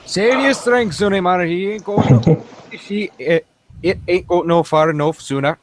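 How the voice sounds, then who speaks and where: A man voicing a talkative male dwarf adventurer, loud and folksy with dropped grammar. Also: a little slow. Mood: gruff. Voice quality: rough folksy speech, drops grammar. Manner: loud and raised in pitch.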